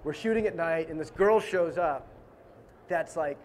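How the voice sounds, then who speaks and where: Animated, joking male director. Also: on the high side, measured pace, a little hiss or hum. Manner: animated, joking, acts out voices. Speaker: film director. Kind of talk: casual interview storytelling.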